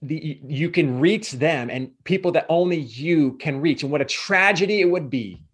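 A man's voice: a little high, normal speed, slightly rough. A man giving a motivational coaching talk as a guest speaker, emphatic and repetitive in his delivery.

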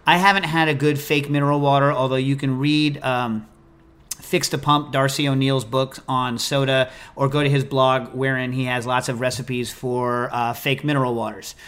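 A man hosting a podcast in casual chat, talking in an animated, rambling, jokey way. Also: mid-range voice, moderate pace, clean tone. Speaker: podcast host.

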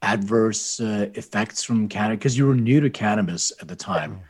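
A man's voice: lowish voice, moderate pace, darkish tone, slightly rough. A man hosting an interview, asking questions and adding brief encouraging remarks. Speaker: podcast host.

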